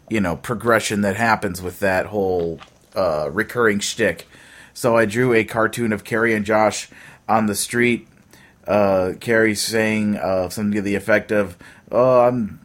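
A man co-hosting a podcast, explaining a comic he drew in a steady, methodical way. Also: on the low side. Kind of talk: casual chat.

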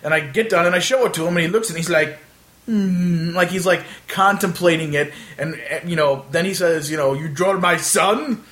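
A man's voice: fairly high pitch, fast talker, few pauses, a bit bright. A man casually telling a long anecdote in a chat, rambling with many fillers and acting out the other people in it.

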